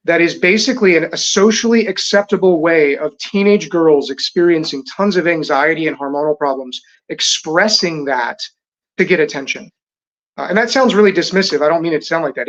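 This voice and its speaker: A man guest on a podcast, explaining his views in a measured, earnest way. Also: a little high, muffled recording. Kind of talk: casual chat.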